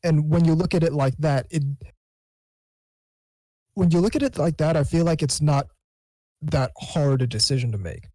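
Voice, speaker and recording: A man talking as a guest on a casual podcast, halting and thoughtful, often restarting his sentences. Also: fairly high pitch, warm tone, no echo, poor audio.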